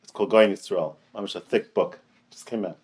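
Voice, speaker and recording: A middle-aged man giving a storytelling Torah class in an animated way, often repeating his phrases and chuckling. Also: lowish voice, a little fast, breathy edge. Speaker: Torah teacher.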